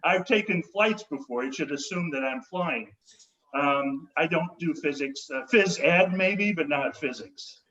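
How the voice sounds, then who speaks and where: Man, stand-up comedy host, wry halting delivery, a bit high-pitched, dull lo-fi video call sound. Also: fairly bright tone.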